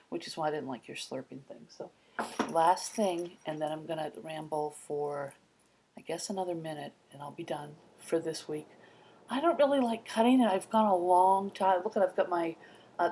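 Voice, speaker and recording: A woman's voice: fairly low pitch, a little mellow, slight background noise. A middle-aged woman vlogging in casual chat, rambling with many fillers and dropping into whispered asides.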